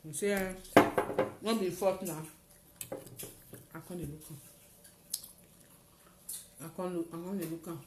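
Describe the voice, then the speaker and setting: A woman's voice: on the low side, steady tone, measured pace, pauses often. A woman speaks with a Nigerian Pidgin accent, telling a personal story with theatrical force and acting out the cries of the people in it. Her voice carries a roomy echo, and faint noise sits behind it. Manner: dramatic storytelling, acting out shouts. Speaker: testifier.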